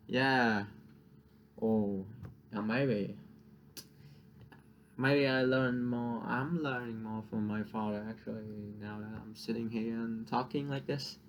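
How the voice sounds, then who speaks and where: A man's voice: mid-range voice, steady tone, slow pace, long pauses, a little hiss or hum. A young man whose first language is Vietnamese, venting in a casual, profane rant and laughing at his own jokes. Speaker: vlogger.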